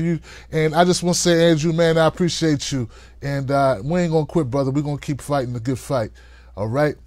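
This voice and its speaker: A man hosting a live-stream call-in show, talking in a hyped, playful way and hollering shout-outs to viewers. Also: on the high side, steady tone, fairly quick, no room sound.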